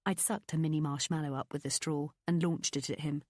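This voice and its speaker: A woman reading a first-person novel aloud as an audiobook narrator, in an expressive, confiding storytelling manner. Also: low voice, a little fast, no room sound, clean studio sound.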